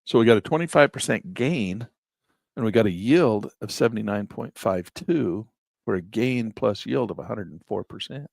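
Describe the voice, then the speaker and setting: Gravelly, chatty man talking stocks. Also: fairly low pitch, expressive, moderate pace, darkish tone, no echo. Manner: chatty, folksy, self-amused. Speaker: investing vlogger. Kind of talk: casual screen-share commentary.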